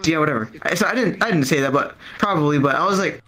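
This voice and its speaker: A man's voice: on the high side, lively intonation, quick pace, bright, forceful tone, rough recording. A man doing open mic stand-up, rambling and stammering through a profane story while acting out the people in it. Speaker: stand-up comedian. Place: comedy club stage.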